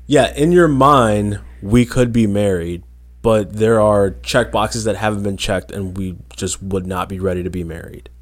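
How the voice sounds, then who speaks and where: A man's voice: on the low side, a little slow. A man chatting casually with his partner as podcast co-host, blunt and dryly teasing. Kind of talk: casual couple chat.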